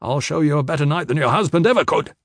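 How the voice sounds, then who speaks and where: A man voicing a smug, flirtatious nobleman who swaggers through each line, pitched well above his own voice and pushed louder. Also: lively intonation, quick pace, no room sound, studio quality. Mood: leering. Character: leering, cocky adult male nobleman.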